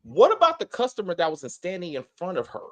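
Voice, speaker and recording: A man co-hosting a casual TV review, animated and profane, acting out scenes in put-on voices. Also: high-pitched, quick pace. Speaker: show co-host.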